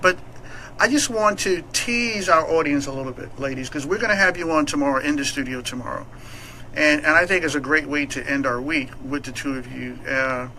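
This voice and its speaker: A man hosting a talk radio show, full of playful teasing and chatty fillers. His voice is high and bright, with a faint hiss of noise under it. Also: fairly quick, rough recording.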